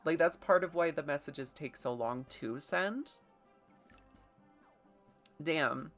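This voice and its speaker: A woman's voice: deep voice, takes it slowly, faint music behind. A woman streaming a game, chatting casually in a rambling, self-deprecating way and swearing now and then. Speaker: let's play streamer. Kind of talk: casual gameplay commentary.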